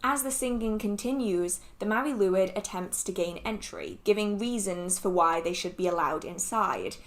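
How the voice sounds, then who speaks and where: A woman narrating a folklore video in a steady, explanatory way. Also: mid-range voice, moderate pace. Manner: steady, explanatory, apologetic about pronunciation. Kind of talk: scripted narration.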